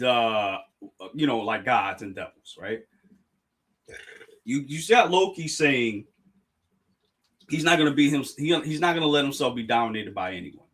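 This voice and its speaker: A young man live-streaming a reaction, talking excitedly, stumbling over words and thanking his chat. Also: a little high. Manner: excitable, restarts and apologizes, addresses chat. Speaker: streamer reacting to a manga chapter.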